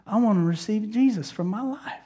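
A man's voice: high-pitched, fairly quick, warm tone. A male pastor preaching a sermon in a conversational, storytelling way, often restarting his sentences and calling on the congregation to respond.

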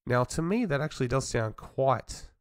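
A man's voice: mid-range voice, lively intonation, moderate pace, dry recording, studio quality. A man co-hosting a casual podcast chat, swearing often and teasing his co-host.

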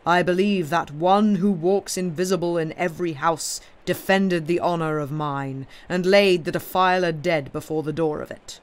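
A man reading aloud, voicing a huge brooding blacksmith who speaks in loud, grave declarations. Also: on the high side, steady tone, moderate pace, hardly any pauses, smooth, natural voice. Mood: fervent. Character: huge brooding male blacksmith, grim and devout.

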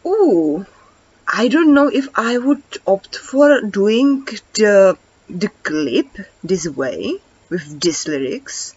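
A woman's voice: medium pitch, a little mellow, breathy edge. A woman hosting a reaction video who reads translated lyrics aloud and then comments casually. She stumbles, restarts words and fills her talk with "like.". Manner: halting, stumbles and restarts words, many "like" fillers. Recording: dull lo-fi recording.

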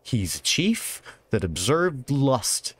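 A man's voice: mid-range voice, sing-song, slow, slightly rough, no room sound. A man casually commenting while playing a game, joking, laughing often and swearing freely. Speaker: let's play host.

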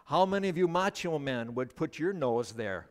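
A middle-aged male pastor preaching a sermon at a church service, joking with the congregation as an animated storyteller. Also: fairly high pitch, moderate pace. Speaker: guest pastor.

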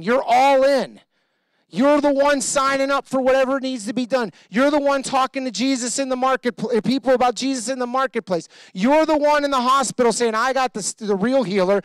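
A male pastor preaching an energetic sermon, calling on the congregation to repeat lines back to him. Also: very high-pitched, clean tone, dry recording. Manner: animated, energetic preaching with call-and-response.

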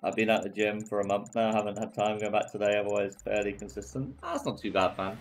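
A young man with a fairly low voice talks through his game on a home live stream. He is laid-back, joking and swearing freely. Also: expressive, fast. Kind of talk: casual live-stream commentary.

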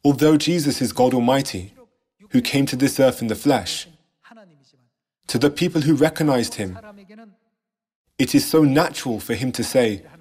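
A man reading a scripted sermon narration in a measured, solemn way, posing rhetorical questions. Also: mid-range voice, a little mellow, breathy edge. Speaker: church narrator.

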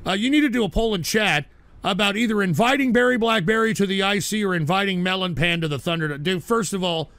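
A man hosting a livestream radio show, ranting profanely about his chat and breaking into abrasive shouting bursts. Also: sits high, fast talker, no echo. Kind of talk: profane on-air rant reading chat.

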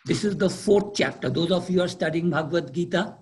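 A man with an Indian accent giving a spiritual lecture, deliberate and repeating key words for emphasis. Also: a little high, darkish tone. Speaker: spiritual teacher.

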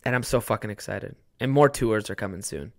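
Speaking fairly fast in a low, slightly mellow voice, a young man hosting his home podcast wanders through a story about a party. Loose and foul-mouthed, he keeps swearing, chuckles at himself, and chases asides before steering back on course.

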